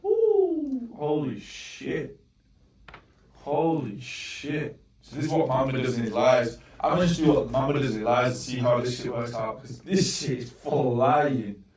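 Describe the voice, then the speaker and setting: A man's voice: mid-range voice, a little fast, recorded from a distance. A young man giving live trading commentary, swearing often and growing frustrated. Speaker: trading vlogger. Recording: roomy, off-mic echo.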